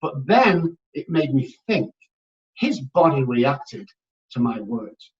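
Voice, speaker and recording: A man with a fairly high voice talks as a podcast guest, energetic and emphatic as he tells stories. The mic sits a little away from him and the sound is dull. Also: recorded from a distance. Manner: energetic, emphatic, addresses listeners as guys. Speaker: addiction recovery expert guest. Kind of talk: animated podcast storytelling.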